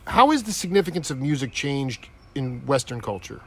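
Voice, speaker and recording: A man's voice: mid-range voice, sing-song, normal speed, fairly bright tone. A man in his forties, hosting an interview and asking questions in an eager, conversational way. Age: 40s. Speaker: interview host. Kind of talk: casual interview talk.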